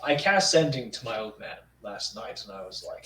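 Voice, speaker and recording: A man's voice: on the low side, lively intonation, a little slow, long pauses, a bit bright. A man speaking in character as a player in a tabletop role-play, rambling and hesitant with many fillers. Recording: roomy sound, from far off, faint noise.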